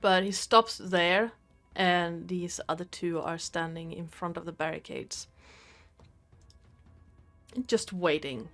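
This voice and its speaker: A woman's voice: lowish voice, fairly even intonation, takes it slowly, pauses often, fairly bright tone, faint music behind. A woman running a tabletop game as game master, narrating casually.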